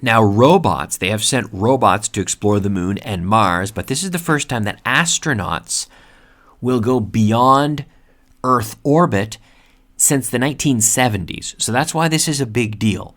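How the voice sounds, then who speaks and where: Guy teaching english vocab, slow and deliberate, repeats words, lowish voice. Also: expressive, fairly bright tone. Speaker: English teacher and podcast host. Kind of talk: casual vocabulary lesson.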